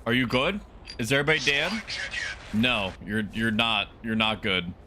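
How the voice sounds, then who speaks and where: A young man livestreaming a video game as a VTuber, chatting with viewers and breaking into loud, animated outbursts at the game. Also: mid-range voice, normal speed, noisy background. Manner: animated, yells and laughs at the game. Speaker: VTuber streamer. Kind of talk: gaming livestream commentary.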